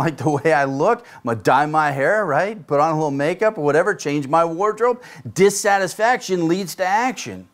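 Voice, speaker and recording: A middle-aged man preaches in an easy, conversational way, pitched a little higher than most men. He keeps checking in with his listeners through rhetorical questions as he moves through the scripture. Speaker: pastor. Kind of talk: sermon.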